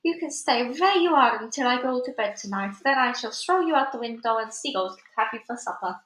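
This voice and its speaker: A cruel, bossy witch queen who barks and snaps at everyone around her, as a woman reads her out. the voice rides a bright, rather high register in an echoey room, in the manner of a storybook reading. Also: expressive, brisk. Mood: snappish. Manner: snapping, commanding. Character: evil imperious female Grand High Witch, cruel and snappish.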